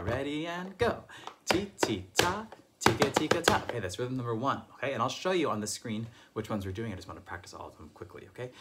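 Lively upbeat male music teacher. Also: mid-range voice, noisy background. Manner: upbeat, chants rhythm syllables. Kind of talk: online music lesson for children.

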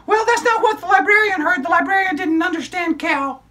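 Claudia, a man doing a squeaky puppet girl. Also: bright, forceful tone. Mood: excited. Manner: eager, rushing storyteller, high squeaky voice. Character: perky, chatty female puppet sidekick. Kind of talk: children's puppet show.

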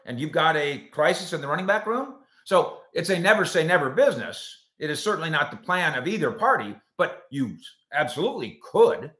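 A man's voice: on the high side, fairly bright tone, roomy sound. A man hosting a live sports show, reading viewer comments aloud and answering them with wisecracks. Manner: wisecracking, puts on silly voices for comments.

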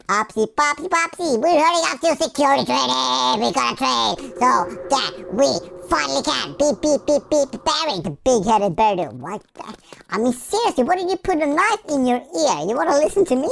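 A man's voice: extremely high pitch, vocal fry, fairly bright tone, a little hiss or hum, exaggerated voice, poor audio. A man voicing a cheeky baby hedgehog in playful gameplay commentary, full of silly rhymes and nonsense words. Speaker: game player.

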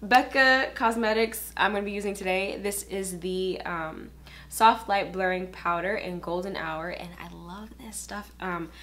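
A woman's voice: medium pitch, measured pace, fairly bright tone, a little hiss or hum. A woman chatting casually while doing her makeup, rambling with lots of fillers and openly emotional. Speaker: beauty vlogger. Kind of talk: casual get-ready-with-me chat.

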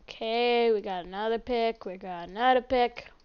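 A woman's voice: a little high, moderate pace, smooth. A woman giving rambling, chatty let's play commentary as a gaming host, often apologizing. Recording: dull lo-fi mic.

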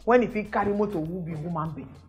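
A woman's voice: medium pitch, fast talker, a little mellow, faint music behind. A woman speaking with a Nigerian Pidgin accent, hosting a social commentary monologue, emphatic and exclamatory, full of rhetorical questions. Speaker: show host.

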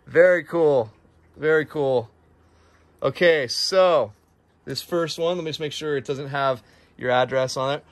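A man hosting a casual vlog opens a gift from a viewer and reads her letter aloud to the camera. He bursts into excited exclamations and stumbles over words as he reads, his voice a little high and unhurried.

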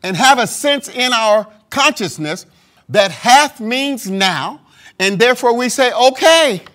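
A man's voice: extremely high pitch, animated, slow pace, bright, forceful tone. A man preaching a sermon as pastor, emphatic, with call-and-response asides and acted-out voices of doubters. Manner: acts out quoted voices of doubters.

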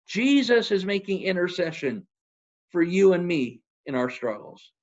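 A man's voice: sits high, dull audio. A man preaching a sermon in an earnest manner, asking rhetorical questions and citing scripture.

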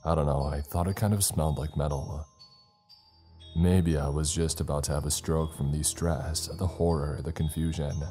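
Very deep, dark-voiced male horror narrator. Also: steady tone, normal speed, soft background music. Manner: uneasy, rambling confessional telling. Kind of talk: scripted first-person horror narration.

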